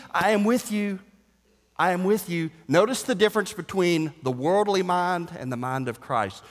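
A man preaching a sermon in a church sanctuary, his fairly high voice carrying a long hall reverb. He climbs to loud, ringing exhortations, then drops to quiet, low-key asides. He reads quoted passages with dramatic weight. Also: normal speed. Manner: reads quotations aloud with dramatic emphasis. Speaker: pastor.

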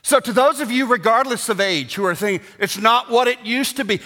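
A man preaching a sermon as pastor, animated and joking, swinging from hushed asides to shouts. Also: extremely high pitch, brisk, few pauses. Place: church sanctuary. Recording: long hall reverb.

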